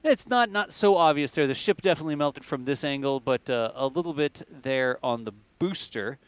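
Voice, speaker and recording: A man talks through a live rocket test in a loose, joking way and explains things plainly. His voice sits fairly high and sounds smooth and clear. The mic is close and dry. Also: animated, brisk, no room sound. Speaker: livestream host. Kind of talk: casual live commentary.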